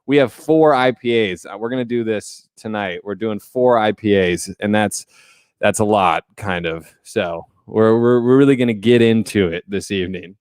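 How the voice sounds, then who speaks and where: A man's voice: on the low side, moderate pace, darkish tone, smooth, no echo, studio quality. Joking man hosting a casual livestream. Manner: chatty, joking, greets viewers by name. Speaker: livestream host.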